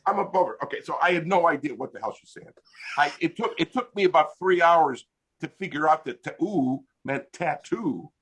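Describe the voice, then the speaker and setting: An older American man with a husky, slightly raised voice tells a story on a video call. His pitch leaps around as he laughs and builds the joke, casual and animated throughout. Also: normal speed. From United States. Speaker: interview guest, hypnotist.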